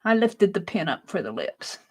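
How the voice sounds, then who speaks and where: A woman hosting a casual craft livestream, chatting and laughing at her own drawing as she works, sometimes dropping to a soft murmur. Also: lowish voice, very animated, moderate pace, husky, low-quality recording.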